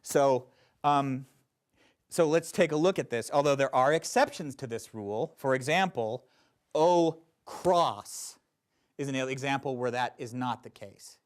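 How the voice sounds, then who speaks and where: A man teaching a Shakespeare acting class, explaining verse in an animated way with playful asides. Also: mid-range voice, unhurried. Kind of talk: classroom instruction.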